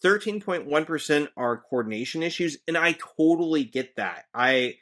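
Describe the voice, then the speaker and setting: A man who works as a teacher, hosting a podcast in casual, chatty recap talk, easygoing and quick to chuckle. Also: a little high, animated, fairly bright tone. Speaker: podcast host.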